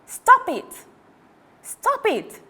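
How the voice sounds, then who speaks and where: A woman voicing a bratty little girl with bad manners, shrill and defiant. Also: animated, takes it slowly, darkish tone. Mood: pleading.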